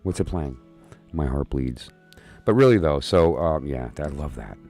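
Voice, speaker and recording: A man's voice: very deep voice, animated, measured pace, a little mellow, soft background music. A man hosting a late-night live stream of oracle readings, rambling and joking as he talks to his viewers. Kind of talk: casual live-stream chat.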